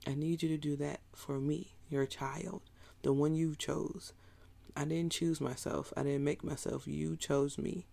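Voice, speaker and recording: Gravelly-voiced man preaching casually. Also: on the high side, darkish tone. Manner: casual, conversational preaching with asides to the listeners. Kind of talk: sermon.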